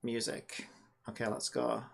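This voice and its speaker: A woman with a very deep, level voice talks a little slowly, with vocal fry and a faint hiss or hum in the audio. She's livestreaming while coding a game, chatting casually, and she's exasperated, scolding an AI chatbot with sarcastic swearing.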